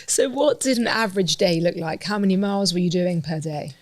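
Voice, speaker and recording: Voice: medium pitch, lively intonation, fairly quick. A podcast host asking questions and reacting eagerly with short remarks. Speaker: interviewer host. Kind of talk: casual interview.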